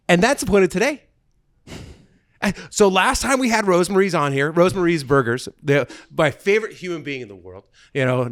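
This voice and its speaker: A man hosting a podcast, telling a self-mocking story in a casual, animated way. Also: fairly high pitch, no echo, studio quality. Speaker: podcast host.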